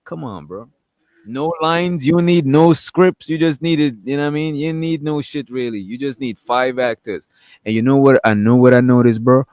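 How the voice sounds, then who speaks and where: A man co-hosting a podcast in casual chat, ranting in a profane, animated way and calling people bro. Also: medium pitch, moderate pace, no room sound, clean studio sound. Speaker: podcast co-host.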